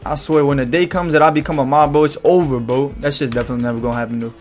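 A man's voice: mid-range voice, steady tone, very fast, a little mellow, faint music behind. A man doing casual gameplay commentary, hyped and trash-talking in profane banter. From Louisiana, USA. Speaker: gaming YouTuber.

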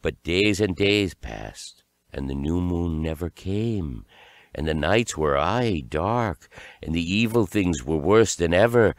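Male storyteller, very deep voice, slow deliberate read-aloud, dry mic. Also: dry recording. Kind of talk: fairy tale read-aloud narration.

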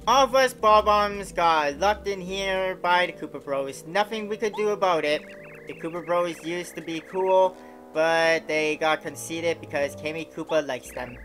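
A woman's voice: lowish voice, a little slow, fairly bright tone, soft background music, low-quality recording. A woman reading game dialogue for a group of grumbling imprisoned male bob-omb workers, complaining with dramatic outbursts.

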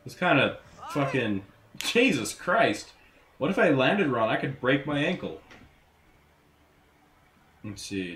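A man giving casual gameplay commentary, crude and full of swearing, with sudden loud outbursts. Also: mid-range voice, big pitch swings, unhurried, pauses often. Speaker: let's play gamer. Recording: roomy echo, faint noise.

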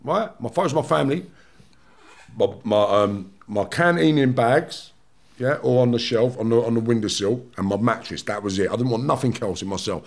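A man's voice: medium pitch, gravelly. A London man, a former prisoner, telling stories bluntly with lots of swearing and restarts. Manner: blunt, swearing, rapid restarts, acts out confrontations. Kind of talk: heated podcast storytelling.

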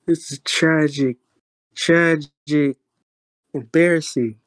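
A young man rambles through a roast in slow, slangy, profane talk, full of fillers and exasperated sighs. His voice sits in a middle pitch and sounds dry and close to the mic. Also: steady tone, dry recording. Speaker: online streamer. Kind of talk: casual roast on a voice chat.

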